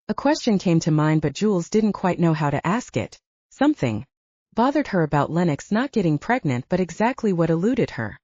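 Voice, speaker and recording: Woman narrating an audiobook, low and mellow. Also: normal speed, no echo, lo-fi sound. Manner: expressive storytelling. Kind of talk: scripted narration.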